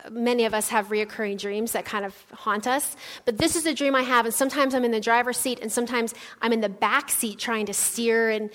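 A woman's voice: fairly high pitch, fairly bright tone. A woman in her thirties giving a conversational sermon, telling personal stories with lots of fillers. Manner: chatty, personal storytelling with fillers. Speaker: church speaker. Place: church sanctuary. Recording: long hall reverb.

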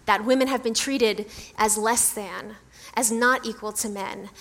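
Woman pastor chatting thru a sermon, bright kinda high voice, echoey church hall. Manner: chatty, self-deprecating storytelling. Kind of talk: conversational sermon. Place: church sanctuary.

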